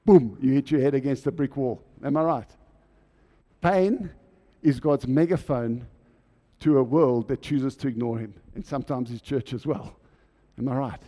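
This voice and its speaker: Male preacher, sermon delivery, warm dark timbre, rhetorical questions to the room. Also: medium pitch, moderate pace.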